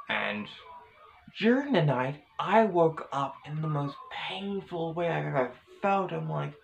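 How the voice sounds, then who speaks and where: A man's voice: on the high side, expressive, moderate pace, vocal fry, fairly bright tone, a little hiss or hum, rough recording. A man vlogging casually, telling a personal story in a rambling, hesitant way with many restarts.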